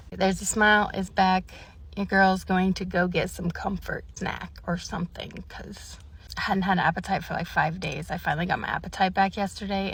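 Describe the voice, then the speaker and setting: A woman talking candidly to her phone camera, venting her feelings in a diary-style vlog, sometimes dropping to a hush. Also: mid-range voice. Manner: candid, emotional, venting, at times hushed. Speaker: vlogger living in her car.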